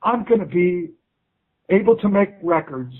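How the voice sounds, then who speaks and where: Heard over a tinny phone line, this man has a high, animated voice and never rushes. He's a musician guest in a relaxed interview chat, often backing up to restart sentences and swearing frequently.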